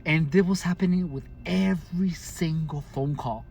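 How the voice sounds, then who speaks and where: A man's voice: fairly high pitch, vocal fry, darkish tone, a little hiss or hum. A man from Mexicali speaking casually to camera, recounting his own experiences with frequent restarts and careful enunciation. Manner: halting, many restarts and fillers, deliberate enunciation. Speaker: vlogger. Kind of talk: casual personal account to camera.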